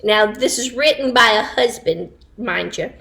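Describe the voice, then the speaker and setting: A woman's voice: on the high side, a little slow, gravelly, bright, forceful tone. A woman chatting casually to online viewers from home, laughing often and wandering into asides. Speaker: livestream host. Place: home, indoors.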